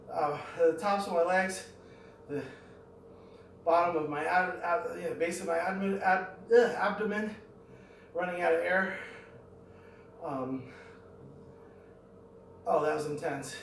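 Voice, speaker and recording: A middle-aged fitness vlogger talks slowly through his home workout in a high, creaky voice, rambling, thinking aloud, and pausing often. The room is echoey, the mic is at a distance, and there's slight background noise.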